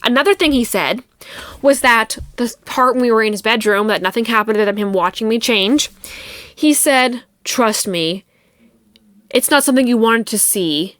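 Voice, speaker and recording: A woman's voice: a little high, moderate pace, fairly bright tone, dry recording, studio quality. A young adult woman hosting a podcast, retelling a personal drama in a heated, profane, indignant way. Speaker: podcast host. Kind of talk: casual storytelling monologue.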